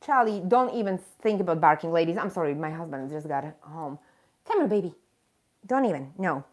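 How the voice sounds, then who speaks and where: Her voice sits on the low side and has a darkish tone, with lively intonation, normal speed and long pauses. Hosting a live stream, this woman delivers an impassioned rant full of indignant emphasis, slipping into chatty, self-mocking remarks aimed at viewers.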